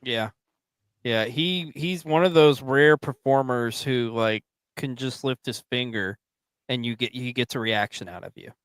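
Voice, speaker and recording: Bright, profane man hosting a podcast. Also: medium pitch, measured pace, clean tone, no room sound. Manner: emphatic, heavily profane. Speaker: podcast host. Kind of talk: casual chat.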